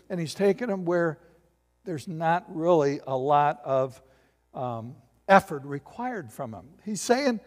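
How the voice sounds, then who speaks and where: A man preaching a sermon as pastor, animated, acting out little voices and asking the congregation questions. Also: on the high side, slow pace, long reverb tail.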